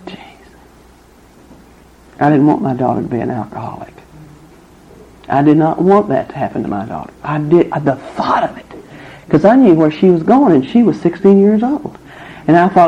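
Her pitch swings widely at a normal speed, with long pauses and slight background noise, as this middle-aged woman gives her testimony at a recovery meeting. She's candid and wry, laughing through painful memories, and the recording is muffled and low-fidelity.

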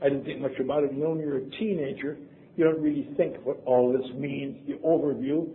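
A man's voice: medium pitch, steady tone, a little fast. An older man from Wisconsin telling a personal story with wry, self-deprecating humor. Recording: tinny phone-like sound, faint noise.

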